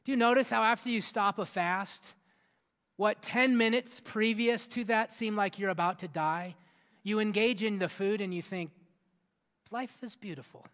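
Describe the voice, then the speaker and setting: A youth pastor delivers an energetic, interactive sermon in a church hall, often putting questions to the audience. His voice sits high and smooth at a moderate pace, with long hall reverb and faint music in the background.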